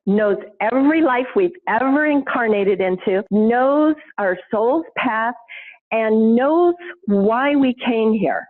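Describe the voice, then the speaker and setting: A woman guest telling a story in a conversational interview, animated and laughing often, with expressive swings in her voice. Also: fairly high pitch, slow pace. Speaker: podcast guest, intuition teacher. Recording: tinny phone-like line.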